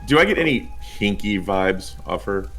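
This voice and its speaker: A man at a tabletop game, his voice very deep yet lively in pitch. He jokes and chats easily with the table. Faint music and rain sound behind him. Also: normal speed. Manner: joking, lively, laughs often. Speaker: player.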